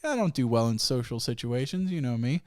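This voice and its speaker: This young man's casual solo podcast is a rambling, profane run of stories punctuated by lots of laughter. His voice is medium-pitched and darkish in tone, and he delivers it in a brisk, animated way.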